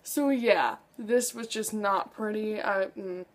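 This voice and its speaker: A woman's voice: medium pitch, takes it slowly. A young woman book vlogger chatting casually to camera, gushing and dramatic, with lots of "like".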